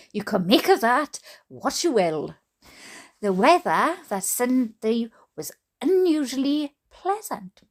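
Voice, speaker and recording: A woman's voice: fairly high pitch, very animated, slow, long pauses. A Welsh woman reading a book aloud, breaking off for giggly, chatty asides. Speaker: book reader.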